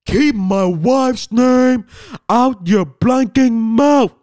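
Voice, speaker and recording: A man putting on an enraged man who yells a threat, high, slow and strained. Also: heavily acted. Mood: furious yelling. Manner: shouted, drawn-out, high and strained. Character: furious man yelling a threat on stage.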